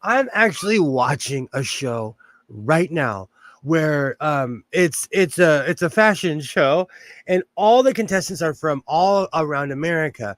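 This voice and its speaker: A man's voice: a little high, animated, a little slow, a bit bright, dry recording. A man with a Southern Californian accent, hosting a livestream in casual, rambling chat and laughing often. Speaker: livestream host.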